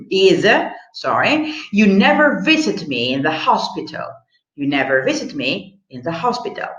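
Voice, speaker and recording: A woman teaching an English grammar lesson, slow and encouraging, who repeats example sentences, with slightly non-native phrasing. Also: lowish voice, a bit bright. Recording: echoey room, dull lo-fi sound.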